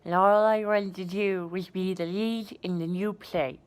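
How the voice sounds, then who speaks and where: Woman, personal monologue, sincere and reflective, lowish voice. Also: steady tone, moderate pace, few pauses, clear, resonant tone, poor audio. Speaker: actor performing an original monologue.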